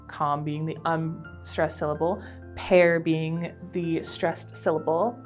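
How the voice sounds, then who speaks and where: A woman's voice: low-pitched, steady tone, slow. A woman presenting a library teen craft tutorial, explaining each step in a friendly, casual way. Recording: soft background piano music.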